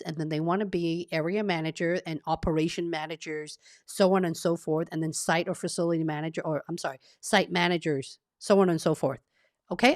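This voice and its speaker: A woman's voice: on the low side, no room sound, clean studio sound. A woman hosting a live career-coaching stream, chatting casually, reading viewers' messages aloud and often checking in with "okay?". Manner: chatty and upbeat, with frequent "okay?" check-ins.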